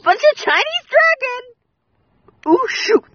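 Woman, high-pitched, very animated, exclamatory, swears, muffled recording. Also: takes it slowly. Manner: excitable, exclamatory, swears in bursts. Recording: dull lo-fi audio with faint music.

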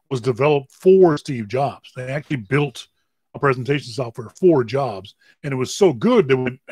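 A man hosting a podcast, giving casual advice on camera and stressing words with big jumps in pitch and loudness. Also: breathy edge, no echo. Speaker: podcast host.

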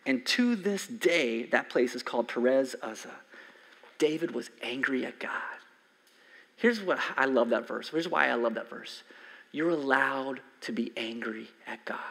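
A man in his forties preaching a conversational sermon as a pastor, swinging from loud emphasis to soft near-whispers. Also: mid-range voice, big pitch swings, measured pace, vocal fry. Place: church sanctuary. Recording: long hall reverb from a church sanctuary.

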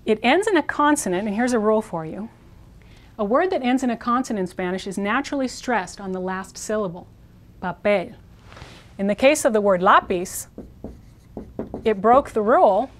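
A woman gives a recorded language lesson in a voice of middling pitch. She lays out the rules step by step and drills each example word slowly and clearly. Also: lively intonation, slight background noise. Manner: slow, careful pronunciation drills. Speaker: Spanish teacher.

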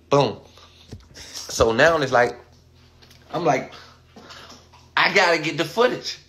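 A man talking casually to his livestream viewers, animated and rambling, repeating himself often. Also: a little high, slow pace, pauses often, slight background noise.

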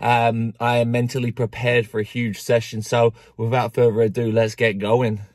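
A man's voice: medium pitch, level tone, moderate pace, a little mellow, no echo, studio quality. An upbeat young man with a chatty manner, talking to camera for his fitness vlog. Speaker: fitness vlogger. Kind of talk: casual vlog talk to camera.

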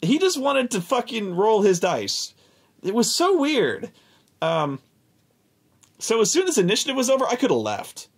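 A man telling a casual, profane story about a tabletop game, animated and exasperated, often repeating himself. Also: high voice, normal speed, husky.

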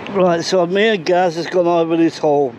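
A man vlogging outdoors while metal detecting, out of breath and chatty, talking excitedly to his viewers. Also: on the high side, normal speed, poor audio. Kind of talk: casual outdoor vlog commentary. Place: outdoors in a field.

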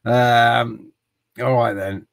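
A man's voice: mid-range voice, fairly even intonation, drawn-out words, vocal fry, poor audio. A middle-aged man chatting casually while streaming games, rambling with stumbling restarts and jokes. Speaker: streamer playing retro games. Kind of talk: casual livestream chat.

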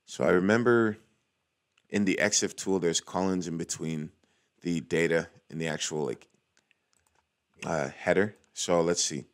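A man's voice: deep voice, a little slow, long pauses. A young man hosting a casual screen-recorded walkthrough, chatty and cheering small wins as he goes. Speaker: cybersecurity tutorial host.

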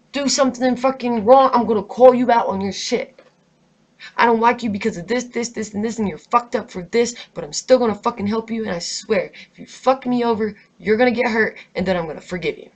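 A stressed, angry woman vlogger in an unscripted, profanity-heavy rant delivered straight to camera. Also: a little high. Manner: profane, emphatic, heated.

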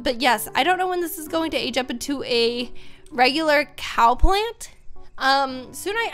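A woman's voice: high voice, a bit bright. A woman hosting a gaming channel, chatting to viewers in let's-play commentary.

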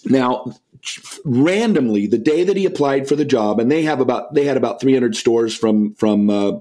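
A man's voice: medium pitch, normal speed. A middle-aged man, a podcast guest, telling a personal anecdote and acting out the dialogue in it. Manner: lively storyteller who acts out quoted dialogue. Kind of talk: anecdotal storytelling in an interview.

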